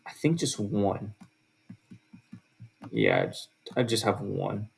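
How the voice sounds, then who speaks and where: A man's voice: lowish voice, huge pitch swings, takes it slowly, creaky, slight background noise. A man talking casually through his football predictions, with lots of fillers and restarts. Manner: chatty, with many fillers and restarts. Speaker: sports video host.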